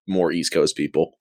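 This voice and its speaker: Male sports podcast co-host, deep voice, relaxed and self-mocking, dead-dry mic. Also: no echo. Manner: easygoing, self-deprecating, laughs at his own slips. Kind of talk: casual sports podcast chat.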